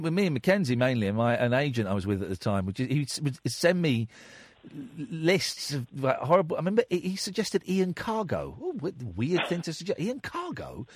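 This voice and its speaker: A man's voice: on the high side, big pitch swings, brisk, dry recording. A man hosting a late-night radio phone-in, joking with callers, full of restarts and mock voices. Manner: jokey, slips into mock advert voices and accents, many restarts. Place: radio studio. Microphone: studio microphone.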